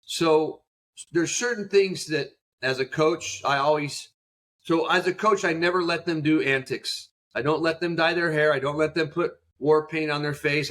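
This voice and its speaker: A man's voice: fairly high pitch, a bit bright. A middle-aged man, a youth baseball coach, telling stories in a podcast interview with emotion and fire, acting out what he said to his players. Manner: emotional, fired-up storytelling with acted quotes.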